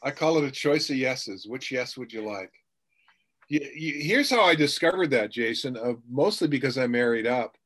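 A man's voice: medium pitch, expressive, moderate pace, a bit bright. A middle-aged man, a sales trainer, telling anecdotes in a podcast interview and acting out the quotes.

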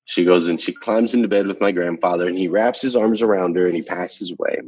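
A man's voice: deep voice, fairly quick, darkish tone, breathy edge, dry recording, muffled recording. A man telling a personal story in conversation, earnest and emphatic, repeating phrases for effect. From United States. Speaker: interview guest.

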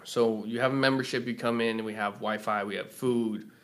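A young man from Hawaii, a guest on a casual podcast. He talks as a lively, animated storyteller, with a voice pitched in the ordinary middle range for a man. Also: brisk. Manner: lively storyteller, acts out dialogue, laughs often. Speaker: guest, film producer.

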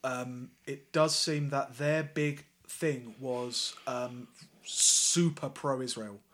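A man's voice: mid-range voice, fairly even intonation, extremely slow, a bit bright. A man co-hosting a casual political podcast, sarcastic and sweary, often restarting his sentences. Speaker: podcast co-host.

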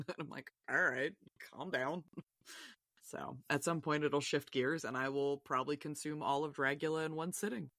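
A woman's voice: low-pitched, steady tone, normal speed, dry recording, clean studio sound. A woman guest on a podcast, chatting casually in a rambling, self-deprecating way and laughing often. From Virginia, US.

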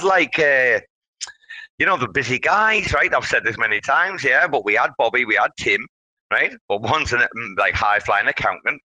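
A man hosting a casual online audio chat, talking in an animated, rambling way as he hypes up his community. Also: mid-range voice, dry recording, poor audio. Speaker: host.

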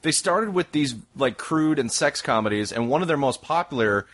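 A man's voice: medium pitch, expressive, a bit bright. A man co-hosting a casual movie podcast, chiming in with jokey asides and riffs. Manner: jokey, quick riffing asides. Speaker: podcast co-host. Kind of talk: casual movie review chat.

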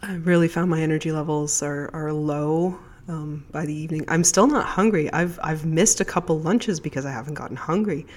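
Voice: mid-range voice, brisk, hardly any pauses, a little mellow. A podcast host with a stuffed-up voice from a lingering cold, talking in a chatty, rambling way. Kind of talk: casual solo podcast chat.

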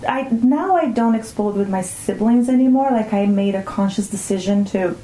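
A woman's voice: medium pitch, moderate pace, warm tone, a little hiss or hum. A woman, speaking earnestly as an interview guest and thinking aloud with small restarts. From Brazil. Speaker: guest, mother of two teenagers. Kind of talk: reflective conversational interview. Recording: roomy echoing room.

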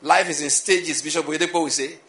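A man preaches in a voice pitched slightly above the usual and cutting bright. He repeats key lines and throws questions at the congregation. The sound bounces around a roomy, echoing hall. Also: fairly quick. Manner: animated, repetitive preaching with rhetorical questions. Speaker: pastor. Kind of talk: sermon.

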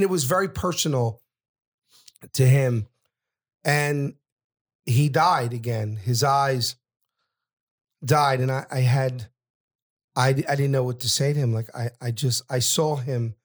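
A middle-aged man, a podcast guest telling an emotional story and often stopping to repeat his words. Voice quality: halting, repeats words, voice drops low at sad moments.

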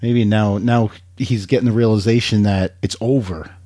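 A man's voice: on the low side, steady tone, moderate pace, mellow. A man co-hosting a podcast, chatting casually and rambling with frequent restarts. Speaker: podcast co-host. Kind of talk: casual chat.

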